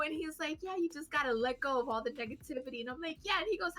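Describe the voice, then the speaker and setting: A woman's voice: high-pitched, expressive, fast, few pauses, pushed and bright. A woman in her thirties co-hosting a podcast, telling a story in casual chat, acting out quotes and laughing as she goes. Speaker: podcast co-host.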